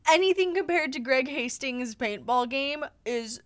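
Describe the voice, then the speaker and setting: A woman co-hosting a podcast in casual chat, giggly and quick to react. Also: sits high, lively intonation, fairly bright tone, no room sound. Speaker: podcast co-host.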